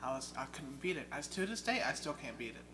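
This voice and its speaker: Excitable young male storyteller, hum behind. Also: fairly high pitch, quick pace. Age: young adult. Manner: excitable storyteller, mimics game sounds. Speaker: guest. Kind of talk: casual video-game chat. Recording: loud steady hum behind.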